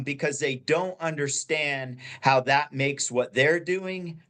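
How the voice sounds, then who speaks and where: A man's voice: fairly high pitch, takes it slowly, a bit bright. A man in his forties, a company founder, explaining earnestly in a podcast interview with frequent fillers and restarts. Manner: earnest, many fillers and repeated words. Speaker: guest, real estate company founder.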